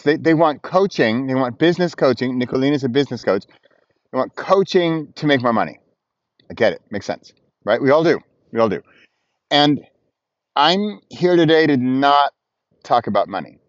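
A vlogger chats casually to the camera outdoors on a frosty beach with his dog, joking at his own expense and laughing often. His voice is mid-range. The recording is muffled with no room sound.

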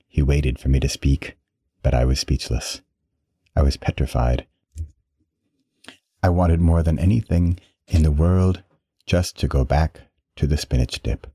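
Male narrator, very low and dark, husky, dry and close, dramatic measured reading. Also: no room sound. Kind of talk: first-person story reading.

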